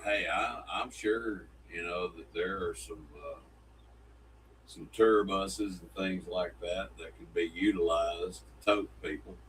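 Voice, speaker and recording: A low-pitched man with a drawl, his voice bright and forward. He rambles along in easy morning-show banter and laughs easily. He sits a little back from the mic, with a faint hiss of noise behind him. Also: steady tone. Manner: rambling, folksy, quick to laugh. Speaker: radio show co-host. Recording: somewhat distant mic with faint background noise.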